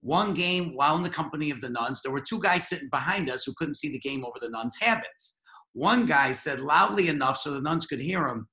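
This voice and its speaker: A man hosts an interview in an upbeat, easily amused way, sometimes reading passages aloud from a book. His voice is bright and a little high. The room around him is echoey. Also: animated, brisk. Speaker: interview host.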